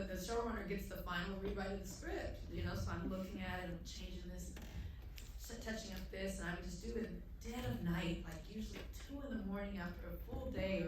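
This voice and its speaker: Animated woman telling stories in an echoey theater. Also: medium pitch. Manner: animated storytelling, frequent restarts, self-deprecating. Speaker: filmmaker guest at a Q&A. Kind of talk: casual onstage conversation. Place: cinema theater before an audience. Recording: echoey theater from far off, noisy.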